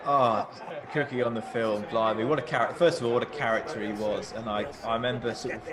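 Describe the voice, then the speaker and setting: A male filmmaker chatting in a live Q&A, swinging between quiet asides and excited bursts as he tells stories. He acts out what people said and often restarts his sentences. His voice sits at an average male pitch. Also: fast, a crowd in the background. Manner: animated storyteller, acts out quotes, frequent restarts. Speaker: film director and producer. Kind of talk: live Q&A conversation.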